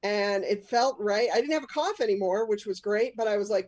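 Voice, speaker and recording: A woman's voice: mid-range voice, brisk, hardly any pauses, a little mellow, dry recording. A woman comic hosting a live storytelling show, telling a self-mocking story in a casual, rambling way. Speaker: comic and host.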